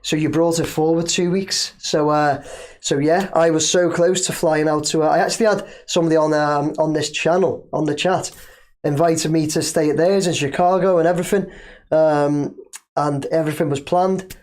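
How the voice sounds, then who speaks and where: A man's voice: fairly high pitch, steady tone, normal speed, a little mellow. A middle-aged man from England hosting a casual football livestream, chatting in a rambling, self-deprecating way while reading out viewer comments. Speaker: football channel host.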